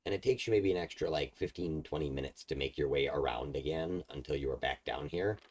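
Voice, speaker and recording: A man's voice: extremely low pitch, fairly quick, darkish tone, muffled recording. A man narrating as game master, rambling loosely with lots of fillers.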